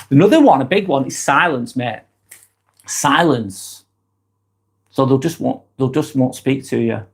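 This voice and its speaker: A man giving casual advice to camera, rambling and often repeating himself or restarting his sentences. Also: mid-range voice. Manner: uses mate in chatty address. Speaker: self-help video host.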